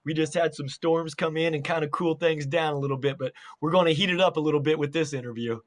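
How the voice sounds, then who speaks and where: An energetic man hosting an interview show, with a fairly high voice for a man. He kicks things off in a hype-style, motivational way and keeps the chat lively. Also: fast talker. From Salt Lake City area, United States. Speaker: podcast host.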